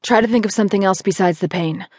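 Woman playing a soothing male best friend, young, gentle, dry close sound, audiobook scene. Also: sits high, fast talker, no echo. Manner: gentle, reassuring.

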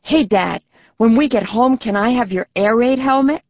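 A bossy older brother from a children's story, loud and teasing, as a woman narrator puts him on. The recording is close, dry and a little muffled. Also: a little high, normal speed, dry recording. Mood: eager.

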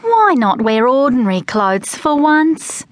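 A woman's voice: on the high side, lively intonation, unhurried, a bit bright, no room sound. A woman reads an exasperated mother in a children's storybook, scolding her small son crossly. The voice sits close and dry, with no room around it. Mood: pleading. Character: exasperated mother of a young boy.

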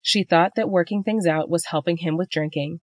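A woman's voice: fairly low pitch, normal speed, no room sound. Woman narrating an audiobook, dry and close. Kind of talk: scripted narration.

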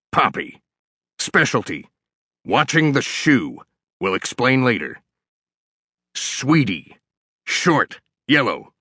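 A man's voice: mid-range voice, bright, forceful tone, no room sound, studio quality, full character voice. An actor playing a laid-back male dog who speaks to the listener in an easygoing, confiding way in a children's audiobook.

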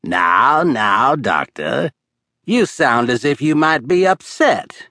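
A man's voice: medium pitch, big pitch swings, slow pace, sharp tone, no echo, clean studio sound, full character voice. A man doing a cackling, taunting villain. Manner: gleeful, mocking.

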